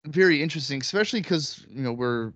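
A man's voice: on the high side, expressive, quick pace, a bit bright, dry recording. A man co-hosting a casual wrestling podcast, talking bluntly with plenty of swearing and teasing. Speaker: podcast co-host. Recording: dull, dry lo-fi recording.

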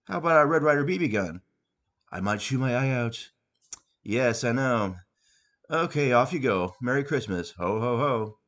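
A man doing a booming jolly old Santa. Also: a little slow, a bit bright, lightly acted. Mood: cheerful.

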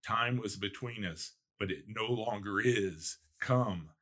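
A man reading aloud the lines of a long-dead woman's ghost, his first love, in a soft, low voice. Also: slow pace. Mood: tender.

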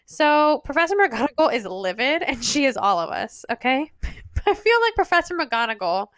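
A woman co-hosting a casual fan podcast, animated and sarcastic, laughing often as she recaps. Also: sits high, normal speed, no room sound, studio quality. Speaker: podcast co-host.

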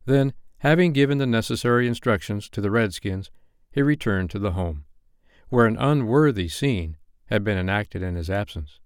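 Man reading an expressive bedtime story. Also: on the low side, normal speed, clear, resonant tone, no room sound, studio quality.

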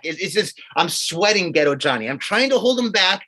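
A man's voice: sits high, brisk. A man co-hosting a podcast, telling a story casually and acting out what others said, with some swearing. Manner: animated, acts out quotes of others with swearing. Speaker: podcast co-host.

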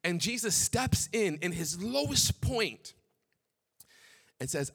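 A young man preaching a sermon, swinging between quick, animated stretches and hushed, slow lines. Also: high voice, vocal fry, husky. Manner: animated preaching, drops to hushed tones for God's words. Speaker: pastor.

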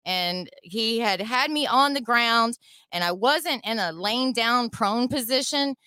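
Woman, middle-aged, podcast guest, profane animated storytelling, bright tense voice, dry sound. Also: a little high, slow pace, clean tone, no room sound. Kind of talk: personal storytelling.

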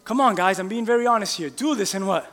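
An animated male preacher with a very high, bright, forceful voice keeps things casual and throws question after question at his listeners. A long reverb hangs after his words, as in a large hall or church. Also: quick pace. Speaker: pastor. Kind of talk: sermon.

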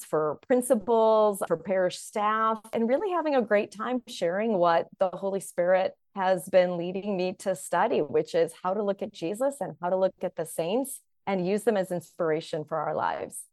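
A woman's voice: medium pitch, moderate pace, no room sound. Enthusiastic woman guest, dry close sound. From Chicago area. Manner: animated, enthusiastic storyteller. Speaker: author and teacher, podcast guest. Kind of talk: conversational interview.

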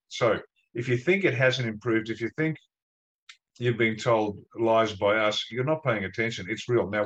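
A man talks earnestly and straight to his listeners, pressing each point with emphasis. His voice sits a little low and steady. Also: low-quality recording. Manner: earnest, emphatic, addresses the audience directly. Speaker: guest. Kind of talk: casual interview talk.

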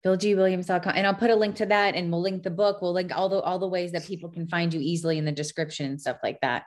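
A woman's voice: fairly low pitch, fairly even intonation, fast. Chatty woman hosting a podcast. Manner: enthusiastic, chatty, frequent fillers and laughs. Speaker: podcast host. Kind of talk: casual podcast conversation.

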